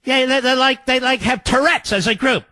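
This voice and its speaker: Man, talk radio host, high voice, sarcastic, mocking monologue, dry studio sound. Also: moderate pace, sharp tone, no echo.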